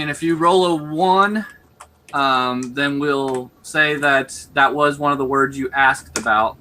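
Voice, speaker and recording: Bright-voiced man running a tabletop game. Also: medium pitch, measured pace, a little hiss or hum. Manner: relaxed, hesitant, many fillers. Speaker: game master. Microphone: online voice call.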